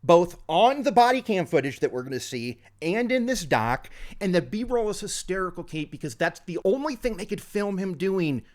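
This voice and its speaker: A man co-hosting a podcast in casual chat, retelling events with sarcastic, animated commentary. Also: high-pitched, normal speed, hardly any pauses. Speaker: podcast co-host.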